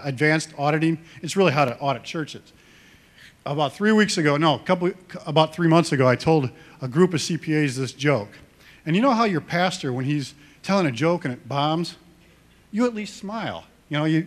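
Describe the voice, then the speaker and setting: A man presenting a seminar on church finances in a conversational lecture style, often restarting phrases and checking in with the audience. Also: a little high. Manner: chatty, frequent restarts and check-ins with the audience.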